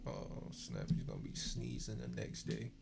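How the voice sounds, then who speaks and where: A man's voice: rumbling low, sing-song, normal speed, vocal fry, darkish tone, faint music behind. A man co-hosting a let's play, joking around and asking curious questions. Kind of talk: casual gameplay chat.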